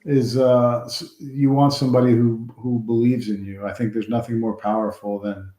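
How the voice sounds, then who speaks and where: A man in his forties, a former ball player, telling rambling, animated stories from his career in an interview. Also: medium pitch, moderate pace, echoey room. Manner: rambling, animated anecdotes with restarts. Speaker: former baseball player, guest. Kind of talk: storytelling interview.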